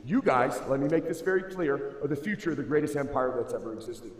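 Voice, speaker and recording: A man in his twenties giving a motivational speech to a school assembly, casual and slangy, swinging between loud emphasis and hushed moments. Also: mid-range voice, expressive, fast talker. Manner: casual and slangy, calls listeners bro and dude. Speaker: motivational speaker. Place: large school assembly hall. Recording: echoey hall, long reverb.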